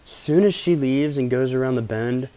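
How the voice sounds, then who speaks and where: Here a young man from Pennsylvania with a warm, medium-pitched voice speaks at a moderate pace. As a vlogger, he casually tells rambling, profane, relaxed anecdotes.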